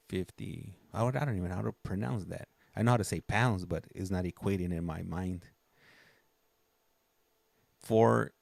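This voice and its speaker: Low gravelly man chatting casually. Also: no echo. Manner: rambling, chatty, many restarts. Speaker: livestream host. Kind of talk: casual chat.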